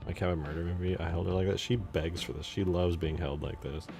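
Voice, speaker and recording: A man's voice: low voice, fairly even intonation, a little fast, vocal fry, music in the background. A young man casually thinking aloud while modding a game, chatting loosely with viewers in an easygoing way. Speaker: game modder and channel host. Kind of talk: casual commentary while working.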